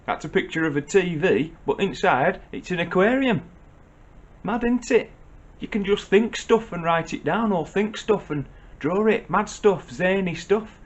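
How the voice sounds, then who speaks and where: A man's voice: high-pitched, lively intonation, unhurried, dull audio. A middle-aged man with a Northern English accent, giving a blunt, sardonic comic advice monologue in a lecturing tone. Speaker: comedian.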